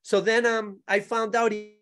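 A man as a podcast guest, telling animated stories in casual talk, laughing often and acting out other people's lines. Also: high-pitched, normal speed. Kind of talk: casual storytelling.

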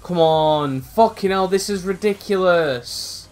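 Speaking slowly over faint background music, a young gaming YouTuber narrates his own football video game match. He swears and gets excited, shifting from low muttering to loud outbursts.

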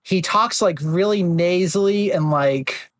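Chatty man with a higher voice. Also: a little slow, a bit bright, no room sound. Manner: chatty, filler-heavy, slips into mocking voices. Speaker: podcast host. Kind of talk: casual chat.

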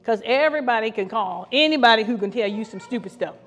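A woman's voice: fairly high pitch, lively intonation, quick pace. A woman co-pastor from Ohio preaching a fervent podcast sermon, repeating her phrases and laughing now and then. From Ohio, USA. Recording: long hall reverb.

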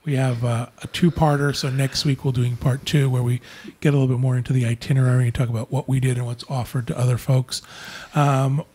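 Husky-voiced male podcast host. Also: mid-range voice. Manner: relaxed, wraps up show with thanks. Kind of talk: casual panel chat.

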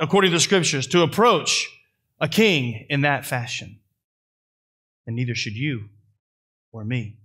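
A male pastor preaching a sermon with folksy asides, building to loud, high-pitched swells at the climaxes.

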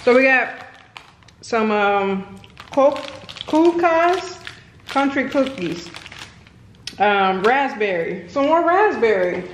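A woman's voice: fairly high pitch, animated, slow pace, pauses often. Chatty woman vlogging in an echoey home. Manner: chatty, playful, talks to her kids and dog while filming. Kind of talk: casual home vlog chat. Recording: echoey room with faint noise.

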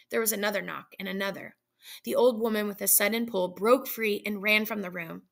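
Gravelly, bright woman reading a story. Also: medium pitch, fairly even intonation. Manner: measured, suspenseful. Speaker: narrator.

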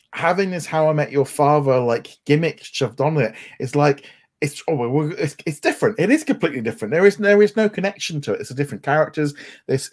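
A man from England co-hosting a podcast, talking casually in a rambling way with many restarts. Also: mid-range voice. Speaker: podcast co-host. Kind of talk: casual chat.

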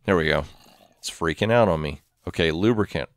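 A man's voice: sits low, brisk, no echo, studio quality. A man hosting a modded game video, chatting casually and thinking aloud as he plays, counting items under his breath. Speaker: gameplay channel host. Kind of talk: casual gameplay commentary. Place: home room with his cat.

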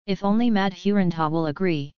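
A woman's voice: lowish voice, a little fast, clean tone, no echo, natural voice. A woman voicing an ailing old emperor and worried father in an audiobook, speaking in a grave, solemn way. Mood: weary. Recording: slightly dull lo-fi audio.

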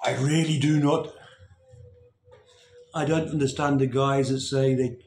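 A man's voice: medium pitch, level tone, measured pace, a little mellow, echoey room, slight background noise. A man hosting a casual food vlog, chatting to viewers while he eats. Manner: chatty, talks with mouth full while eating. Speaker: vlog host.

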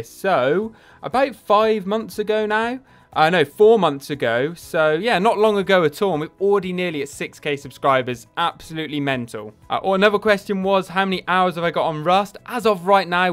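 A man's voice: a little high, fairly bright tone. A man in his twenties from the UK, a gaming YouTuber answering viewer questions in a chatty, self-deprecating, rambling way. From United Kingdom. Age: 20s. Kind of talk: casual Q&A monologue.

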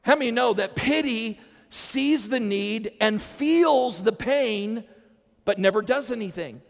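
A man's voice: extremely high pitch, animated, takes it slowly, vocal fry. A male pastor preaching a sermon, calling the congregation to repeat lines after him. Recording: long hall reverb.

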